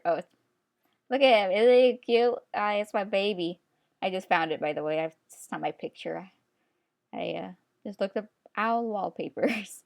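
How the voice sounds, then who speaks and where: A woman's voice: mid-range voice, moderate pace, gravelly, darkish tone. A young woman talking casually and at length while she draws, chatty and self-mocking, often breaking into laughs. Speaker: art YouTuber. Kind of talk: rambling casual commentary while drawing. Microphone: computer screen-recording voice-over.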